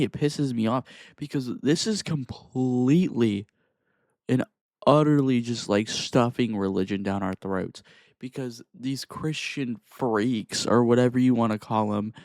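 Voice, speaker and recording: A man's voice: medium pitch, darkish tone, no echo. Young man, profane exasperated rant, dry close mic. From Texas. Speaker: vlogger. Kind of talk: angry rant to camera.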